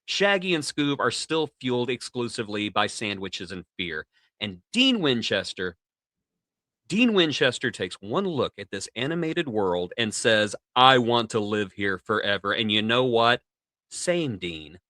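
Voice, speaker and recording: A man co-hosts a podcast and recaps an episode with theatrical, jokey enthusiasm. His pitch swoops widely. His voice has a bright edge and sits close on a dry mic. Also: very animated, unhurried, dry recording. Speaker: podcast co-host.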